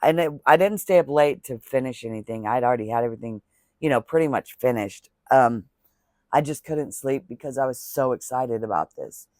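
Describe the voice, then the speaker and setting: A man's voice: medium pitch, brisk, no room sound. Earnest rambling man, dry close sound. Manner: religious blessings and thanks to viewers. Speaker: crochet vlogger. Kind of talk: casual talking-to-camera vlog chat.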